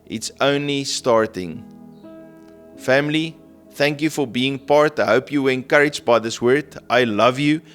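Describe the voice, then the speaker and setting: A man preaching a prophetic sermon in a gentle, earnest manner, often checking in with "okay?" and "right?". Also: mid-range voice, a little slow, faint music behind. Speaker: prophetic minister. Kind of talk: sermon teaching.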